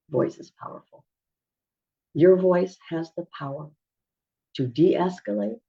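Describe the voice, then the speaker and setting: A woman who coaches parents on autism, explaining behavior strategies in a calm, measured teaching style. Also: low voice, breathy edge. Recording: dull lo-fi recording.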